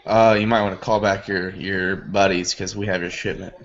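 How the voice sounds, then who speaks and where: Low-voiced man cracking crude jokes. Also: flat delivery, normal speed. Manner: crude, joking. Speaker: player. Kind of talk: casual tabletop play. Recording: muffled, from off mic.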